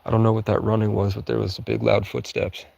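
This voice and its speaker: A young man with a fairly high voice, rambling loosely through a live stream from the woods at night and swearing casually. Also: very animated, brisk, vocal fry, darkish tone. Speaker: livestreamer.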